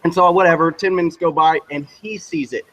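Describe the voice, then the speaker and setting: A man excitedly telling a personal story, swearing freely and acting out the voices of the people in it. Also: fairly high pitch, fairly quick, rough recording. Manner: animated, profane, mimics voices in the story. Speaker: guest.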